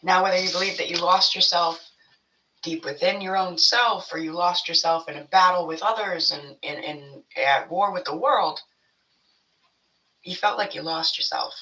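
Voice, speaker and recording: A woman's voice: lowish voice, pushed and bright, distant mic, lo-fi sound. A woman giving a casual spiritual tarot reading to her viewers, rambling and blunt, swearing freely as she talks. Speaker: tarot reader.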